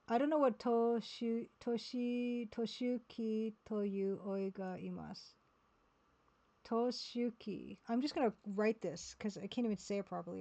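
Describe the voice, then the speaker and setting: A woman streaming a game live, talking casually and haltingly as she sounds out words one by one. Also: a little high, creaky, warm tone.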